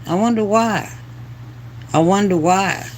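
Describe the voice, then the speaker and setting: Unhurried higher-voiced man reacting. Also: a little hiss or hum. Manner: slow, drawn-out, laughing asides. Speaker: reaction channel host. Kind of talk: casual reaction commentary.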